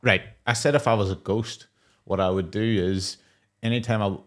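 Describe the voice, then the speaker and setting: A man's voice: lowish voice, fairly even intonation, moderate pace. A young adult man co-hosting a comedy podcast, riffing casually and laughing often between jokes. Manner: jokey, laughs often, acts out quotes. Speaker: podcast co-host and stand-up comic.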